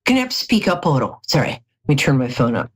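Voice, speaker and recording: A woman's voice: a bass voice, sing-song, quick pace, breathy edge. A middle-aged woman reading tarot cards on a live call-in show, chatty and jokey, with storytelling asides. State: tired from lack of sleep. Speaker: psychic tarot reader.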